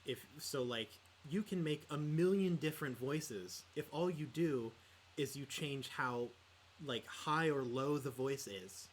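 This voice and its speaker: A man's voice: medium pitch, unhurried, slight background noise. A man co-hosting a podcast in casual chat, rambling with lots of fillers and laughs. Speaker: podcast co-host.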